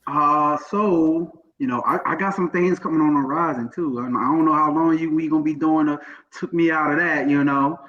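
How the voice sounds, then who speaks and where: Man, podcast guest musician, fairly high voice, loose rambling chat. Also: fairly even intonation, moderate pace, highs cut off.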